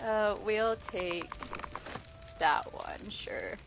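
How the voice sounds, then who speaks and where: A woman's voice: mid-range voice, very slow, background noise. A woman streaming a video game, chatting casually, swearing and laughing often. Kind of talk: casual gameplay commentary.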